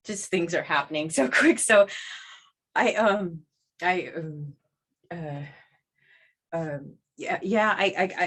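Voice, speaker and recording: A woman's voice: low voice, fairly bright tone, slightly rough, heavily acted. A woman acting in a student stage play as an emotional, flustered young woman who gushes, laughs and stammers. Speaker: student performer.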